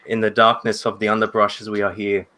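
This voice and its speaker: A man narrates his character's actions at a tabletop game, stumbling and repeating words as he goes. His voice is bright and forward, and it sits on the low side. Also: little pitch movement, fast. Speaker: player. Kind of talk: tabletop role-play chat.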